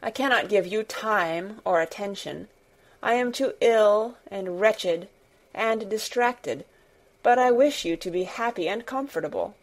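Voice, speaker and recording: Woman playing a weary middle-aged gentleman, worried, absent-minded, slow and measured. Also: mid-range voice, lightly acted.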